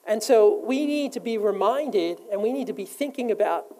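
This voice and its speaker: A woman's voice: mid-range voice, expressive, moderate pace, mellow, low-quality recording. A woman preaching a sermon in an earnest way, putting questions to her listeners. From United States.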